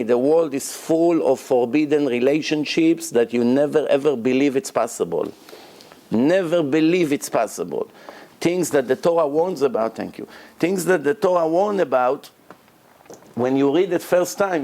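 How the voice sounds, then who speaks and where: A rabbi with a voice on the high side speaks at normal speed, teaching Torah to a congregation. Emphatic and prone to repeating words for stress, he uses non-native grammar and occasionally shouts prayers and quotes in a loud, acted way.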